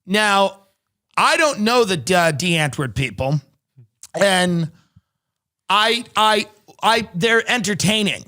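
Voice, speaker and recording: A man hosting a podcast, rambling through sardonic comedic commentary with halting restarts. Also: high-pitched, animated, pushed and bright. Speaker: podcast host.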